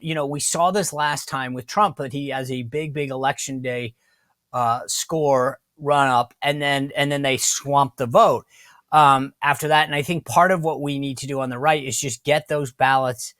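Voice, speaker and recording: A man hosting a political interview show, talking with animated energy and often restarting his sentences. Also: medium pitch, dry recording, clean studio sound. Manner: animated, repeats himself and restarts. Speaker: podcast host.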